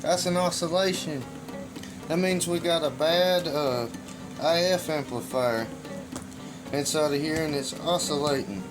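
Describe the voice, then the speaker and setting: A middle-aged man hosting a casual DIY vlog, loud, joking and profane. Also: fairly high pitch, measured pace, music in the background. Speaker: channel host, circuit bender.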